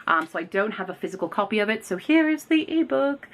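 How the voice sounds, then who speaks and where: A woman booktuber chatting casually in a vlog, bubbly and quick to exclaim. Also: mid-range voice, big pitch swings.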